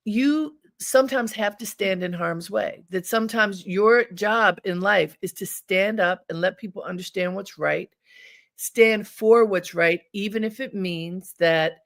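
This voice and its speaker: A woman's voice: mid-range voice, gravelly. A woman hosting a radio interview show, speaking emphatically and encouragingly to her guest.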